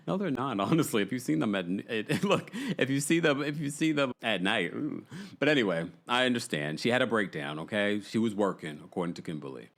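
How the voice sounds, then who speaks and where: A man hosts a call-in gossip show, reading viewer super chats aloud with jokes. His pitch leaps and dips all over as he talks. His voice sits in an ordinary middle register. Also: brisk. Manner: animated, jokey, reads messages aloud.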